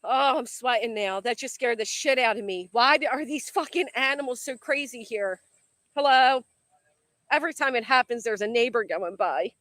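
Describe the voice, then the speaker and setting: A woman's voice: fairly high pitch, normal speed, a bit bright, dry recording, clean studio sound. A woman hosting a casual commentary livestream outdoors by a tree, jumpy and swearing a lot as she talks to her chat.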